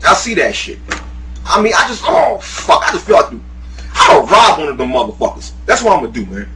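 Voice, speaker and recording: A man talks straight to the camera in a heated, profanity-heavy rant. His voice sits a little high and swings wildly in pitch, and his mocking tone keeps breaking into laughter. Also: sing-song, fairly quick, noisy background. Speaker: YouTuber, guest. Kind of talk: profane ranting monologue.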